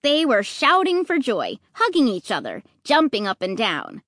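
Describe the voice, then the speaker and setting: A woman reading a children's story aloud, expressive and lively, acting out the dialogue. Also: fairly high pitch, normal speed, no room sound, studio quality. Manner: lively, voicing dialogue with rising excitement. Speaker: audiobook narrator.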